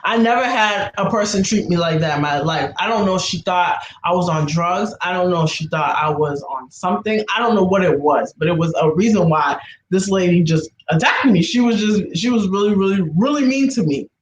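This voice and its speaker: A woman recounts a distressing experience in a casual, halting way, circling back over the same points with raw emotion. Her voice carries a roomy echo, with faint ambient noise behind it. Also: fairly low pitch. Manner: emotional, repetitive, halting retelling. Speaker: guest. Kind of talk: casual personal storytelling.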